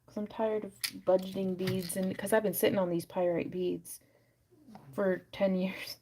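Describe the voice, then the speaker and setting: A woman's voice: medium pitch, flat delivery, moderate pace, mellow, a little hiss or hum. Chatty woman hosting a craft stream. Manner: chatty, thinking aloud, with frequent fillers. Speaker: crafting livestream host. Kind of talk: casual chat while crafting. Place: home craft room.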